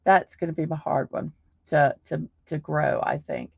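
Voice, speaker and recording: A woman's voice: low voice, wildly swooping pitch, normal speed, gravelly, breathy edge, no echo. A woman hosting a casual livestream, chatting loosely and reading viewer comments, with lots of restarts. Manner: rambling, warm thanks, frequent restarts. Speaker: livestream host. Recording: dry, slightly dull livestream audio.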